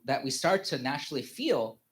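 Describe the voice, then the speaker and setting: A man in his thirties giving a personal testimony at a church family service, speaking haltingly with many fillers and restarts and chuckling often. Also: medium pitch, sing-song. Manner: halting, full of "you know" fillers and restarts; chuckles often while telling stories.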